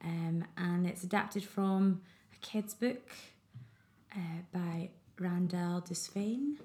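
A woman's voice: fairly low pitch, slow pace, dark tone. A woman who runs a theatre company, talking casually as a podcast guest, a little self-conscious and rambling. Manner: self-conscious, rambling, many ums and restarts. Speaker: theatre director, interview guest. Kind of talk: casual interview chat.

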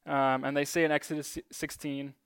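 A man gives a relaxed, conversational sermon, leaning on ums and small jokes at his own expense. His voice sits a little higher than most men's and comes across smooth and resonant. The sound is close and dry, with little room echo. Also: moderate pace. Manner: conversational, many ums, self-deprecating asides. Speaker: preacher. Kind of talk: casual sermon teaching.

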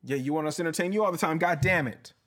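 A man's voice: fairly high pitch, racing, fairly bright tone. A male comedian hosting his podcast, ranting in a heated, profane way and often tossing in "bruh". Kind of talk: casual comedic rant.

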